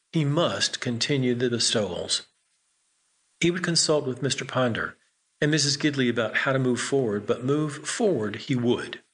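A man's voice: mid-range voice, fairly bright tone. Man reading a novel aloud. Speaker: audiobook narrator. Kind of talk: scripted narration.

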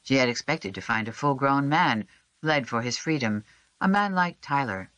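Audiobook narrator, even measured delivery, dry studio sound. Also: medium pitch, no echo. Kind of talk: scripted narration.

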